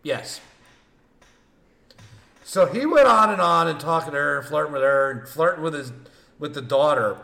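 A man co-hosting a casual podcast, telling a story in an animated way and cursing freely. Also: a little high, moderate pace, creaky, pauses often, roomy sound. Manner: animated storytelling, acts out quoted lines, swears a lot. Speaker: podcast co-host. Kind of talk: casual chat.

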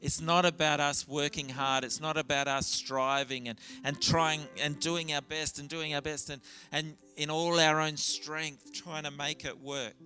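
A man's voice: on the high side, flat delivery, unhurried, hardly any pauses, pushed and bright, soft background music. A man preaching a church sermon in an earnest, candid way, often restarting his phrases.

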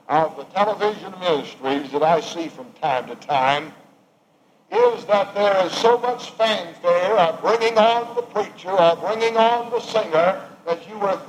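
A man preaching a sermon, swinging from raised emphatic lines to hushed, quiet ones. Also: high voice, slight background noise, low-quality recording.

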